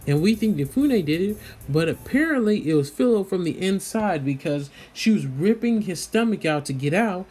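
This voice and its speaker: A man's voice: fairly high pitch, darkish tone. A man casually recapping an anime episode in a loose, rambling way, full of fillers. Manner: rambling, loose, lots of "you know" fillers.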